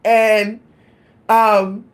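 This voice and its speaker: Slow-talking woman telling a funny story. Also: medium pitch. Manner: animated, laughing, addresses listeners directly. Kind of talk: casual storytime.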